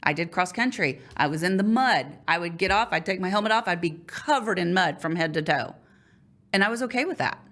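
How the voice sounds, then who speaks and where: A woman's voice: on the low side, lively intonation, brisk, fairly bright tone. A woman hosting a podcast, reflecting aloud in a personal, thoughtful way. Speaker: podcast host. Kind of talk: podcast interview.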